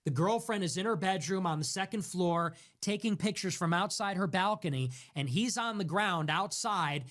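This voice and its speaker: A man's voice: high voice, normal speed, hardly any pauses, a bit bright. Man, livestream host, ranting commentary, sarcastic, mocking, exasperated.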